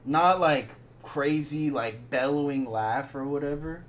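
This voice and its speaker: A young man telling a rambling, slang-filled story in a casual monologue, dropping to a hush when he quotes his friend. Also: fairly high pitch, a little slow. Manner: slangy, rambling, drops to hushed tones when quoting.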